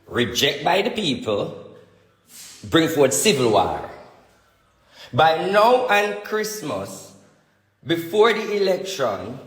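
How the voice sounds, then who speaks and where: A man's voice: medium pitch, a bit bright. Emphatic Jamaican man in an echoey room. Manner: emphatic, repeats himself. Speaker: self-styled prophet. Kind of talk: prophecy vlog monologue.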